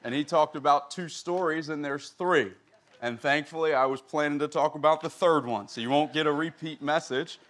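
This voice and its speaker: A young man preaching a sermon, reading scripture slowly and then retelling it in casual everyday speech. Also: fairly high pitch, fairly bright tone.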